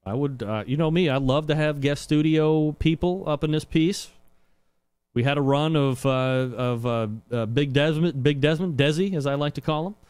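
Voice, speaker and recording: A man's voice: fairly high pitch, moderate pace, a little mellow, clear, resonant tone, no echo. Rambling joking male talk show host. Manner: joking, rambling, lots of filler uh. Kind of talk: casual live call-in show banter. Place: home studio. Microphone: studio microphone.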